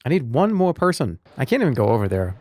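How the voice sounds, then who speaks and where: A man's voice: medium pitch, big pitch swings, fast, darkish tone, soft background music. A man streaming a video game, chatting loosely with his audience in a rambling, joking way. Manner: rambling, jokey, talks to chat. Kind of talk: live gaming commentary.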